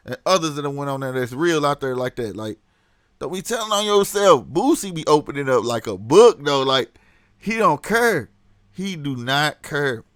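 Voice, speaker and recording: Man, fairly high voice, casual livestream chatter, laughs a lot, dry close sound. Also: smooth, no echo. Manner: animated, laughs a lot, reads chat aloud. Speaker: livestream host.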